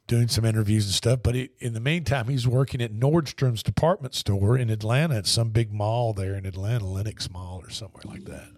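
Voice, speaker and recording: A man with a lowish, darkish voice, recorded dry, hosts a sports radio show. He tells stories in a rambling, easygoing way, restarting sentences as he chats casually about sports.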